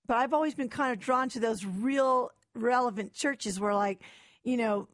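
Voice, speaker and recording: A young adult woman giving her personal testimony as a guest in a talk-show interview, animated and acting out quoted dialogue. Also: on the high side, moderate pace, no echo.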